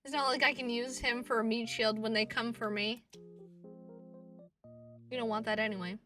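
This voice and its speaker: High bright-voiced woman gamer. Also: normal speed, far from the mic, soft background music. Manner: expressive, swears, laughs at herself. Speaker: streamer reading a visual novel aloud. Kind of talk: game playthrough, reading and reacting.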